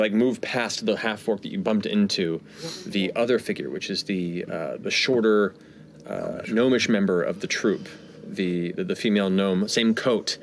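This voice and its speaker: A man's voice: on the low side, a little hiss or hum. A man narrating a tabletop game as game master, describing scenes with many fillers.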